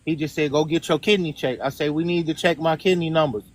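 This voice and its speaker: A man's voice: fairly high pitch, fairly even intonation, fast talker, a little hiss or hum. A man, a guest on the show, earnestly telling a personal story in a casual, emphatic way and often checking in with his listeners.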